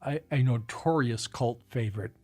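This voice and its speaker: A man's voice: mid-range voice, moderate pace, dark tone. A man hosting a casual chat, retelling old TV shows in a rambling, hesitant way with many fillers. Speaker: host.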